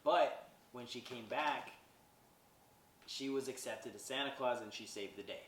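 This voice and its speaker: A man's voice: mid-range voice, unhurried, a little hiss or hum. Casual man recapping a film in a roomy echo. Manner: rambling, frequent "like" and "right?". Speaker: podcast host reviewing a movie. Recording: roomy echo, distant mic, faint ambience.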